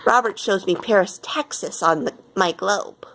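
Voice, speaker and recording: A woman reading a children's picture book aloud in an expressive way. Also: medium pitch, moderate pace, hardly any pauses, slight background noise. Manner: expressive, with lively quoted lines. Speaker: storyteller.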